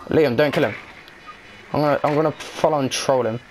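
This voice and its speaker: A young man chatting while gaming, excitable and swearing a lot. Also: mid-range voice, brisk, noisy background. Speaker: gamer. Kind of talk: casual gaming chat.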